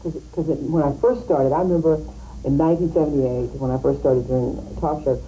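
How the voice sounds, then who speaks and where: A woman in her thirties gives a candid TV interview. She tells stories with lots of animation and jumps into other people's voices when she quotes them. Her tone is mellow and soft, with faint music underneath. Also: deep voice, steady tone, brisk, low-quality recording. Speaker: talk show host interviewed as a guest.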